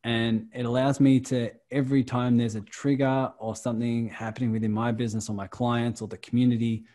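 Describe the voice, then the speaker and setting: A man hosting a podcast, reflecting and affirming in a casual, soft-spoken way. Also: medium pitch, flat delivery, a little fast. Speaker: podcast host.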